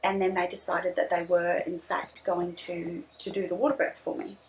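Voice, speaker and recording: A woman's voice: on the low side, flat delivery, normal speed, slight background noise, low-quality recording. A young woman, telling her birth story in casual chat, hesitant with many restarts. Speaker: podcast guest.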